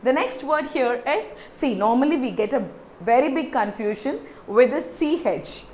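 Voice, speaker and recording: Indian-accented woman teaching pronunciation, animated. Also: high-pitched, normal speed, slight background noise. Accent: Indian English. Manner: instructive, repeats words and spells them out. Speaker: English pronunciation trainer. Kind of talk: teaching lesson to camera.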